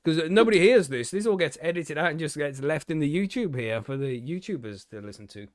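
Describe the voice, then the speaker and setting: A man's voice: a little high, lively intonation, fairly quick, dry recording. Man, podcast co-host, casual joking chat, cusses a lot, dry close sound. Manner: laughs at his own jokes, swears freely. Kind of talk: casual chat, telling jokes.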